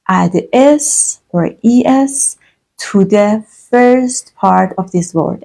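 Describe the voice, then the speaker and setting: A woman teaching an online English grammar lesson, speaking slowly and deliberately and repeating each example. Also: mid-range voice, mellow.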